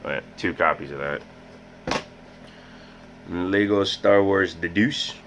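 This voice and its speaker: A man's voice: low voice, slow pace. A man hosting a casual game collection vlog, rambling and making joking asides about himself. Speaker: host. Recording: muffled with loud background hiss.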